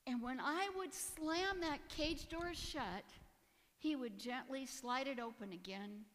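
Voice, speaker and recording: A woman's voice: high voice, slow, a bit bright, long reverb tail. A woman giving a personal testimony in church, earnest and emotional, with nervous little laughs. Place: church sanctuary.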